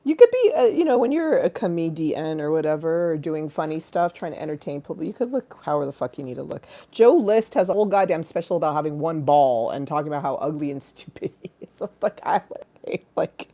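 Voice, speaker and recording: A woman's voice: low voice, lively intonation, brisk, mellow. A young adult woman hosting a casual live stream, rambling with bawdy jokes and frequent giggles. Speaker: livestream host.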